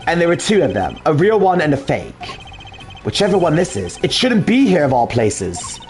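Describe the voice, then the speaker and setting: A man voicing a composed, formal male prosecutor with a dry, measured delivery, in a fan dub of a video game. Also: on the high side, huge pitch swings, a little hiss or hum.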